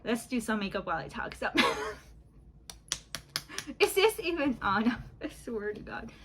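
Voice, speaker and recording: A YouTube beauty vlogger in her thirties does her makeup at home, chatting casually, rambling and laughing often, filmed with a phone's back camera. Her voice is a little high with big pitch swings, she speaks unhurriedly, and there's background noise.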